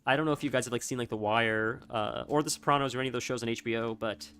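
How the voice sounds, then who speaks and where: This man streams a game and talks very fast to his audience, rambling with lots of filler and false starts. His medium-pitched voice is steady, bright, and forceful, with a little hiss or hum in the background.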